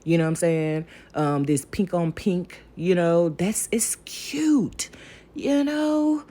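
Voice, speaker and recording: A woman's voice: fairly low pitch, big pitch swings, unhurried, dark tone. A young adult woman hosting a crafting channel, rambling in a casual voiceover and talking straight to her viewers. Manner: rambling and talkative, addresses viewers directly.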